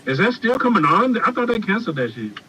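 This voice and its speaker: A man's voice: sits high, sing-song, quick pace, bright, forceful tone, slight background noise, low-quality recording. A man co-hosting a casual stream chat by remote call, blunt and swearing.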